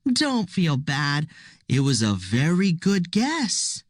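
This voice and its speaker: A woman reading aloud as a patient, pitying schoolteacher who speaks slowly and carefully to her class. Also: low-pitched, huge pitch swings, no room sound, clean studio sound, heavily acted. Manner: slow, careful classroom speech.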